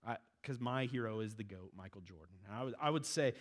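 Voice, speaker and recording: A man preaching a sermon in a conversational, animated way, with casual asides to the congregation. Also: lowish voice, fast. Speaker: pastor.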